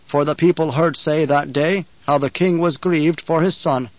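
Raspy loyal soldier, terse and dutiful, as a male narrator plays him; muffled dry read. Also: a little high, fairly even intonation, normal speed, no echo, lightly acted. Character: gruff loyal middle-aged male warrior.

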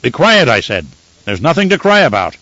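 A man's voice: on the low side, moderate pace, fairly bright tone, dry recording, voice pushed down, natural voice. A man voicing a cruel, bloated, imperious baron who barks brusque commands in an audiobook reading. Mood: commanding. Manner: brusque, commanding, bellowing orders. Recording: dull lo-fi dry audiobook recording.

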